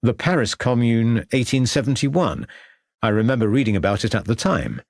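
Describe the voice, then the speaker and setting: A man's voice: medium pitch, animated, moderate pace, creaky, dry recording. A man voicing a courteous, persistent Victorian police inspector who questions in a formal, polite way. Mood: sympathetic.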